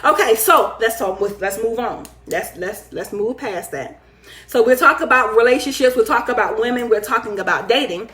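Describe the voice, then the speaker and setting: A woman hosting a casual live talk show, reading viewer comments aloud, playful and animated, often laughing and teasing. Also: fairly high pitch, normal speed. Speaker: livestream talk show host. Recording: echoey room.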